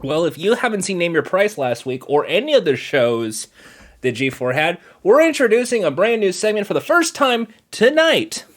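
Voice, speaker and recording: A man's voice: high voice, sing-song, moderate pace. A male show host bantering in a playful, joking way, often laughing. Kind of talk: comedic banter.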